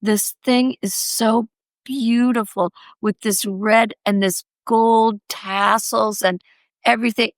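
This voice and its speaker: A woman sculptor, a podcast guest, telling an anecdote and acting out the quoted voices in a higher pitch. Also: no echo. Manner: animated, acts out quoted voices in a raised pitch. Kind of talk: anecdotal storytelling in conversation.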